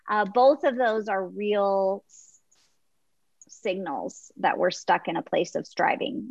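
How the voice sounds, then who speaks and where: A woman guest on a faith interview, telling an illustration with lively voices for the crowd. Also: medium pitch, no room sound, dull audio. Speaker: guest author.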